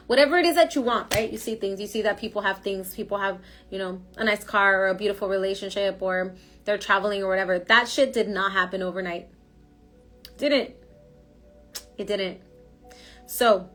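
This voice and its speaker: A woman's voice: medium pitch, fairly bright tone. A woman giving a casual spoken tarot reading, emphatic and slangy, coaching her listeners. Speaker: tarot reader.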